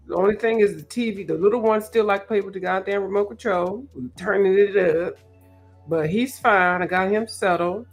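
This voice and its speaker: A woman hosting a casual art livestream from home, chatty and joking as she talks straight to her viewers. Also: mid-range voice.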